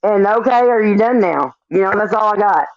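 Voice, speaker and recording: A livestream guest talks casually in a medium-pitched voice, moving fairly quickly as she tells stories bluntly and swears freely. There's no echo, but the stream audio is dull and lo-fi.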